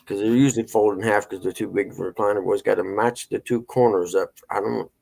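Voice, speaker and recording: A middle-aged man hosts a casual morning chat in a low, gravelly voice. He rambles through folksy stories in an easygoing way. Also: steady tone, fast talker, a little mellow. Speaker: host.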